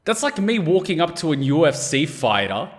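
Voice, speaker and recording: Exasperated man with a lively voice, echoing. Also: on the high side, moderate pace. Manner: exasperated, swearing, rhetorical questions. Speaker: anime reaction host. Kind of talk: casual reaction commentary.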